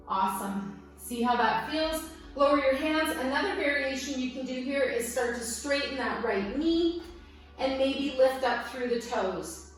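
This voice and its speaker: A woman teaching a guided yoga class, giving gentle, encouraging cues with playful asides, a little out of breath. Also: sits high. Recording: very echoey room, voice from a distance, soft music behind.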